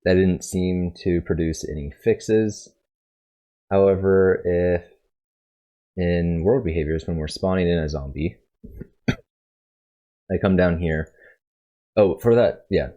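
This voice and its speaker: A man's voice: deep voice, measured pace, dark tone, highs cut off. A man hosting a casual coding tutorial, thinking aloud and correcting himself as he goes, sounding congested. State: congested, coughing.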